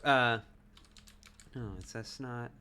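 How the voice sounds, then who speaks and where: A man's voice: medium pitch, flat delivery, takes it slowly, bright, forceful tone, a little hiss or hum. A man chatting casually with friends during a game stream, laughing often and swearing freely. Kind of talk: casual gaming chat with friends.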